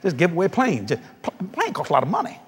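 A male preacher telling a story in a televised sermon, animated and laughing, with bursts of shouting. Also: high-pitched, quick pace, breathy edge.

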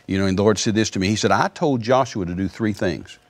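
A man's voice: lowish voice, fast. A man in his seventies telling his own faith story as an interview guest, earnest, repeating himself and acting out the dialogue he quotes. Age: 70s. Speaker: guest, former missionary. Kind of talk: storytelling testimony in a Christian interview.

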